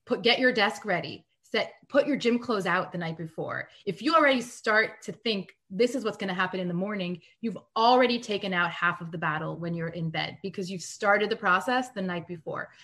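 A woman in a casual live-streamed chat, giving practical parenting advice with quick laughs. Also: mid-range voice, fairly bright tone. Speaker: guest parenting coach.

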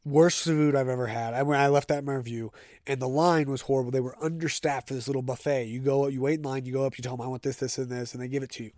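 A man's voice: mid-range voice, steady tone, fast, a little mellow, no room sound, studio quality. A man hosting a casual solo podcast, telling stories in a chatty, conversational way. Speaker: podcast host.

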